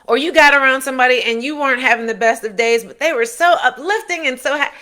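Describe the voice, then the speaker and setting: A woman's voice: high-pitched, fast talker, hardly any pauses, sharp tone. A woman who is the parent of an autistic son, giving earnest parenting advice straight to the camera and rephrasing her points to coach her listeners. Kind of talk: direct-to-camera advice talk.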